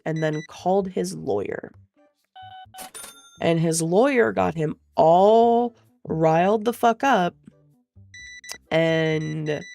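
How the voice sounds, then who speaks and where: Low gravelly woman telling a story. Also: a little mellow. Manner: profane, rambling, filler-heavy. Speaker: streamer. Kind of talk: casual storytelling.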